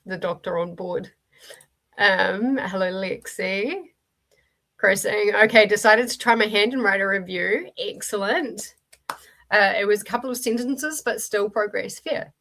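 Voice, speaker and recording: Here a streamer hosting a reading sprint reads viewer comments aloud, laughing a lot and chatting, with fillers and restarts along the way. She's a woman with a New Zealand accent and a mid-range, gravelly voice that's a bit bright.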